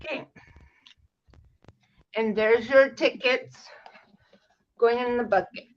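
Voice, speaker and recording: Woman, craft stream host, unhurried, slightly high voice, dull lo-fi sound. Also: slight background noise. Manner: relaxed, thanks viewers for donations. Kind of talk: casual livestream chat.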